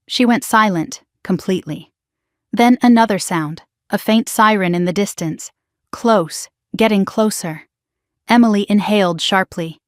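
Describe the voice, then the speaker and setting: Hushed woman narrating a drama story. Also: medium pitch, unhurried, dry recording, clean studio sound.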